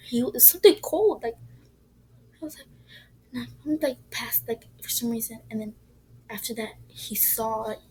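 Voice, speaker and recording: A woman's voice: a little high, dark tone, husky, poor audio. A woman telling a ghost story in a casual, rambling way, often dropping to a whisper.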